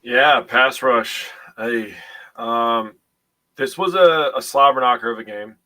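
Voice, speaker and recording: A man's voice: medium pitch, takes it slowly, sharp tone. A man with a Wisconsin accent co-hosting a sports podcast, rambling and correcting himself as he goes. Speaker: podcast co-host. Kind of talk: casual sports podcast chat.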